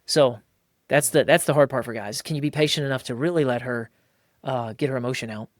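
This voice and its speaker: A man hosting a podcast, talking in a casual, emphatic way and jumping into higher, livelier voices when he acts out quotes. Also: brisk, no echo, studio quality. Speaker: podcast host. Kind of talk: casual podcast talk on faith and marriage.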